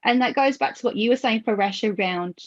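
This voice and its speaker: A woman hosting a podcast, telling stories with lively acted-out quotes and frequent laughter. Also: a little high, fairly quick. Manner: animated storyteller who acts out quoted voices and laughs often. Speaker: podcast host. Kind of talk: conversational podcast discussion. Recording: dull lo-fi audio.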